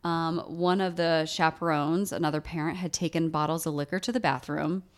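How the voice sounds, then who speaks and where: A woman's voice: low voice, fairly even intonation, normal speed. A woman co-hosting a podcast, chatting casually and retelling a listener's story with plenty of fillers. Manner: chatty, reads listener emails aloud with lots of fillers. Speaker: podcast co-host.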